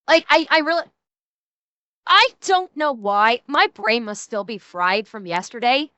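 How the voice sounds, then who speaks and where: A woman streamer giving casual, excitable reaction commentary, swearing and restarting her sentences. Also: sits high, dry recording.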